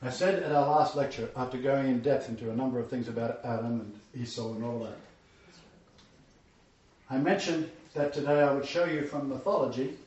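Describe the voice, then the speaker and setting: A man's voice: mid-range voice, darkish tone. A man giving a Bible lecture who reads scripture aloud and breaks off to make emphatic comments. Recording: echoey, distant, dull-sounding room.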